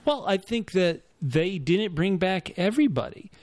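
A man's voice: high-pitched, sing-song, moderate pace, darkish tone. A man hosting a casual podcast chat about a television show, with an upbeat, moderating manner. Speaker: podcast host.

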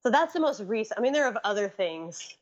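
A woman's voice: mid-range voice, big pitch swings, fast talker. Chatty woman guest, lo-fi sound. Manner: chatty, lots of "like" fillers. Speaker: photographer's assistant, guest. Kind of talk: casual interview chat.

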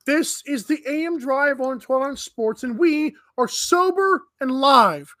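A man's voice: very high-pitched, animated, measured pace, a bit bright, dry recording. A man hosting a morning sports talk show, chatting casually and rambling with lots of fillers.

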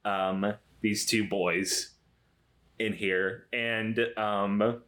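A person playing in a tabletop role-playing game, laughing often and breaking off mid-sentence. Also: female voice, a bass voice, fairly even intonation, fairly bright tone. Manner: laughing, self-interrupting, slow. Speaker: player. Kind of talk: tabletop role-play chat.

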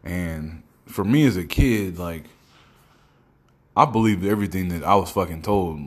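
Low-voiced man rambling through a profane comic monologue. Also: moderate pace. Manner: profane, rambling storytelling with laughs. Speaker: podcast host. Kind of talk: casual comedic monologue.

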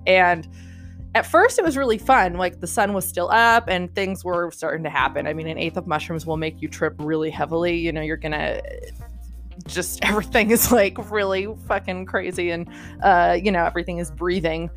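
A woman's voice: normal speed, soft background music. A young woman casually telling a personal story, full of filler words and swearing, with her voice jumping up when she quotes people. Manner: animated, jumps high when quoting people.

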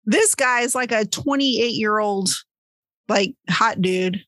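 Expressive woman chatting about books. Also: medium pitch, takes it slowly, dry recording. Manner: animated, expressive storytelling with laughs. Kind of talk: casual chat about books.

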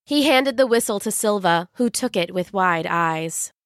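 A woman narrating a children's story in a slow, expressive storytelling manner. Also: medium pitch, no room sound, clean studio sound. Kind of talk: scripted narration.

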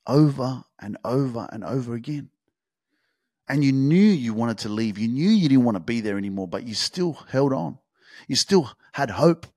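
A man's voice: medium pitch, a little mellow, dry recording, studio quality. A man hosting a podcast, delivering a motivational monologue in an intense, swearing pep-talk style full of repetition and emphasis. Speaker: podcast host.

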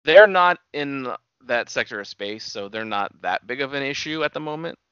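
Man, laid-back fan explaining lore, bright edge, dry close sound, slightly dull audio. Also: medium pitch, expressive, normal speed, smooth, dry recording. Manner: knowledgeable fan, explains lore with hedging asides. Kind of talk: casual chat about a TV series.

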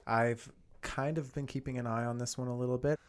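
A man's voice: mid-range voice, fairly even intonation, brisk, clear, resonant tone. A man talking loosely with friends on a podcast. He swears often and keeps things jokey. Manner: swears freely, jokey, mock English accent at times. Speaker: podcast co-host. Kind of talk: casual chat.

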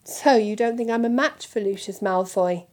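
Excitable balding dad wizard, read by a woman, eager, curious, storybook. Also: mid-range voice, unhurried. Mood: earnest.

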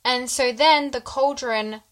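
A woman's voice: high voice, takes it slowly, fairly bright tone. A woman co-hosting a casual book podcast, adding playful comic asides while she recaps the story. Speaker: podcast co-host.

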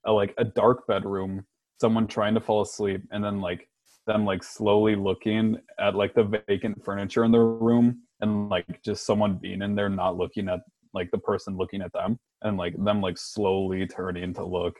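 A man's voice: lowish voice, flat delivery, moderate pace, a little mellow, no echo. A man co-hosting a podcast, talking in a rambling, casual way full of fillers. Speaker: podcast co-host. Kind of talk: casual chat.

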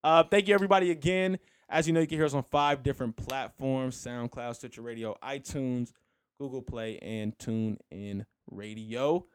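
A man's voice: mid-range voice, steady tone, normal speed, smooth, dry recording. Young man co-hosting a podcast, laid-back rambling chat, dry close mic, mid voice. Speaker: podcast co-host. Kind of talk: casual chat.

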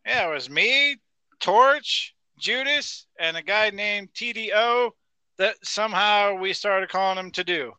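A man's voice: high voice, lively intonation, unhurried, sharp tone, no echo. A man co-hosting a podcast, chatting casually and steering the talk back to his story. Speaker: podcast co-host. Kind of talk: casual chat.

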